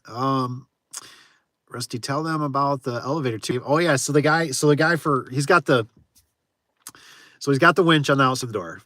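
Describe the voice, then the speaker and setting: A man's voice: medium pitch, normal speed, pauses often, pushed and bright, no echo. A man who runs a garage door repair business, chatting casually with viewers on a livestream, laughing often and tossing in frequent exclamations.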